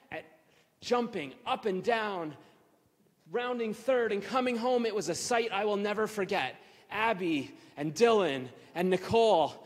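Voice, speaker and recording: A man in his forties telling a personal story at a live story slam, emotional and repeating phrases for emphasis. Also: on the high side. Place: synagogue hall at a live event. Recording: long hall reverb.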